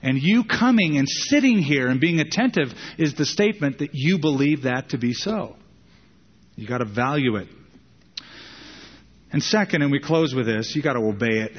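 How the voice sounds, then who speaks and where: A man pastor preaching a sermon in a church sanctuary, talking in a conversational way with repeated emphatic phrases and sudden pitch jumps. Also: lively intonation, normal speed, slightly rough, in a large hall, dull audio.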